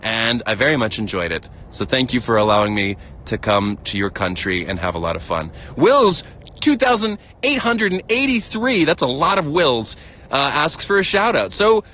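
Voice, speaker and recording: Here the same kind of host, a young American man streaming from a field, chats and giggles his way through viewer messages, full of fillers and false starts. His voice sits fairly high, very animated and forceful, bright in tone, at a moderate pace.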